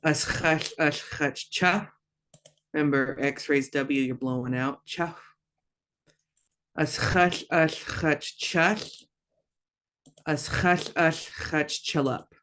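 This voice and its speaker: A woman teaching a language lesson, slow and patient, repeating words for learners to echo. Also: deep voice, steady tone, fairly bright tone, a little hiss or hum.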